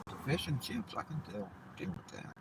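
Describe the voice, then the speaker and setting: Driving along, this male livestream host chats in a loose, profane, joking way, his medium-pitched voice expressive and moderately paced. He's in a car and later a park, recorded from a distance with loud road noise underneath.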